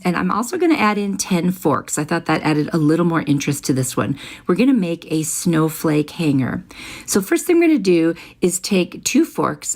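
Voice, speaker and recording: A middle-aged woman narrates a craft tutorial as a voice-over, talking the listener through each step in a friendly, easy way. Her voice sits a little low for a woman. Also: a little mellow. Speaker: craft channel host.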